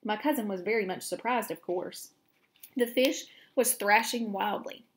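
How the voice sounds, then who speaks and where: With medium pitch, a measured pace, and light acting, a woman plays a kind, calm, wise female barn spider while reading to children. Her delivery is patient and gently commanding, and a little hiss or hum can be heard.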